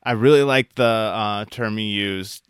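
A man hosting a podcast interview, relaxed and jokey in casual chat. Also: lowish voice, measured pace, clear, resonant tone, dry recording, studio quality. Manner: relaxed, jokey, uses fillers like "like" and "you know". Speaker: podcast host.

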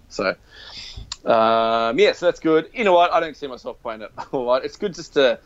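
A man's voice: medium pitch, expressive, normal speed. A young man, chatting casually as a podcast co-host and telling a rambling story, acting out the lines he quotes. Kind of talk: casual chat. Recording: dull, lo-fi, dry.

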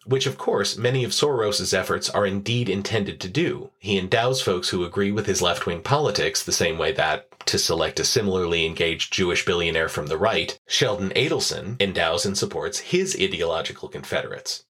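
A podcast host with a deep, husky voice reads his script with a dry, sardonic bite and swears freely. The delivery is scripted narration rather than loose chat. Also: a little fast, hardly any pauses, fairly bright tone. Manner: sardonic, profane commentary.

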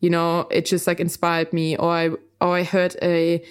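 A woman's voice: lowish voice, completely flat delivery, normal speed, clean tone. A woman co-hosting a podcast, rambling in casual conversation with many fillers. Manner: rambling, heavy use of fillers. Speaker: podcast co-host.

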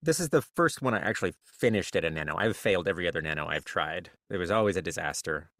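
A man chatting as a podcast guest author, relaxed and self-deprecating with a joking manner. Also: deep voice, fast, no room sound. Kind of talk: casual interview chat.

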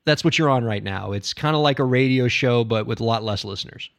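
A podcast co-host with a medium-pitched voice and some vocal fry talks a little fast in playful comedic banter. He laughs easily while humoring his partner.

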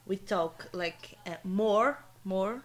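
A young woman from Brazil talks in English in an unhurried, easygoing way, with her Brazilian Portuguese accent plain in every word. She stops often to search for the right word and laughs easily as she goes. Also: medium pitch. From northern Brazil. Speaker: guest. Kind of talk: casual conversation in English as a learner.

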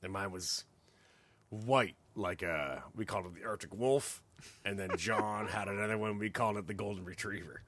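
On a podcast, a man tells a story in casual chat with animated delivery, cursing freely and laughing along the way. His pitch is fairly low and his pace moderate.

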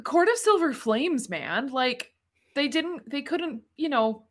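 A woman's voice: sits high, lively intonation, slow. A woman co-hosting a podcast, exclaiming and reacting expressively in casual chat. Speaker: podcast co-host.

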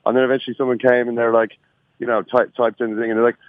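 A man's voice: mid-range voice, steady tone, fast, no room sound. Wry Irish man on a tinny phone line. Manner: wry, self-mocking storyteller. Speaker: podcast regular calling in from an airport. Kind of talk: casual phone-in storytelling. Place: airport.

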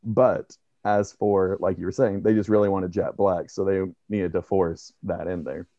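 A man co-hosting a casual discussion, speaking in a measured way with many fillers. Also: deep voice, fairly even intonation, no echo. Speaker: podcast co-host. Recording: dull dry lo-fi sound.

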